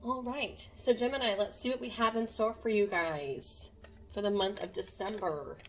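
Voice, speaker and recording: A woman's voice: mid-range voice, moderate pace, soft background music. A woman doing a casual tarot reading to camera, talking to viewers in an earnest, meandering way. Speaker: tarot reader.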